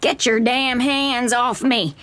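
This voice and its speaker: A gut-shot woman thrashing in her caravan, as a woman performs her, snarling her words in pain and fury. Her voice rides high and strained above the actor's own. It comes from a scripted audio drama. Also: steady tone, slow pace, a bit bright.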